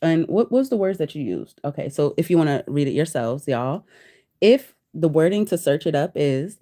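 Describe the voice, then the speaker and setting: A woman in her thirties hosting a casual livestream chat, reading search results aloud to viewers, laughing often and sounding out hard words slowly. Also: low voice, animated, warm tone. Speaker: livestream host.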